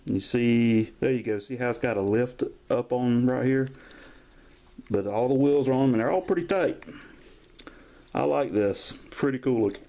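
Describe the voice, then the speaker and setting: A man's voice: mid-range voice, normal speed, warm tone. Man, 50s, home collector vlog, folksy and rambling, chatty camera-mic sound. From Georgia, US. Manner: rambling, folksy, drifts into stories. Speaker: toy collector vlogger. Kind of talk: casual show-and-tell collection vlog. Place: at home, filming toys on camera.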